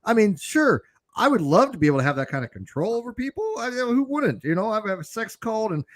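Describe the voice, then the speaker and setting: A man's voice: sits high, sing-song, fast, no room sound. A man hosting a casual, rambling chat, talking animatedly and swearing often. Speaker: show host.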